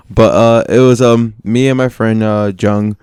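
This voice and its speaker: A young man co-hosting a podcast, telling a personal story in a casual, animated way and laughing often as he acts out what people said. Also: on the low side, takes it slowly. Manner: animated, laughing often, acting out quoted lines. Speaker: podcast co-host.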